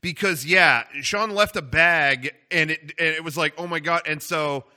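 A man co-hosting a podcast, telling a story in an excitable, laughing and disbelieving way. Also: a little high, normal speed. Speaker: podcast co-host. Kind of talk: casual storytelling.

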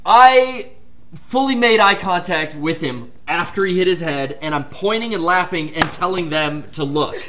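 A man's voice: high-pitched, expressive, normal speed, crowd noise. A man in casual conversation, adding details to a shared story, laughing and swearing. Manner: laughs often, swears, chimes in.

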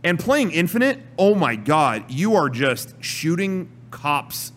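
A man co-hosting a casual podcast chat about video games, animated and prone to acting out gameplay. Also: on the high side, slow pace, a little hiss or hum. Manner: animated, acts out gameplay with loud exclamations. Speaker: podcast co-host.

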